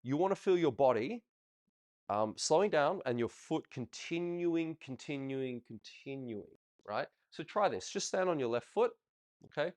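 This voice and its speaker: Lively, chatty male dance coach. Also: on the high side, normal speed. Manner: lively, chatty, encouraging, counts steps aloud. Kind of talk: coaching a student over video review.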